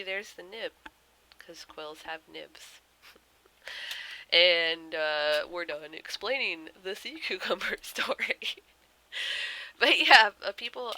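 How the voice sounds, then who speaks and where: A young woman telling a rambling anecdote while she draws, full of fillers and deadpan punchlines. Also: fairly low pitch, measured pace, slight background noise, poor audio. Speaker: artist vlogger. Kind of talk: casual storytelling while drawing.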